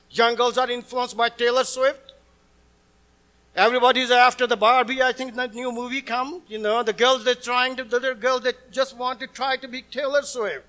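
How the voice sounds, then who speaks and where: High-pitched, bright-voiced male preacher. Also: poor audio. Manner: earnest, blunt preaching with broken non-native English phrasing. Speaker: pastor. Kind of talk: sermon.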